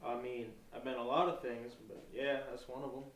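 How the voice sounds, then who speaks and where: A man's voice: mid-range voice, flat delivery, brisk, natural voice. A man reading a hesitant, uneasy contractor. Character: wary adult male contractor. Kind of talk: live script reading. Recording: roomy stage sound from far off.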